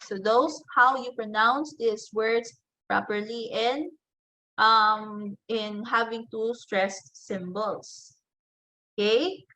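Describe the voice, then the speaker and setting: A woman teaches in a slow, deliberate way, pausing to pronounce each example word with care. Her voice sits a little high and sounds bright and clear. She talks like she's leading a lesson. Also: steady tone, poor audio. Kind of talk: slow classroom lecture on word stress.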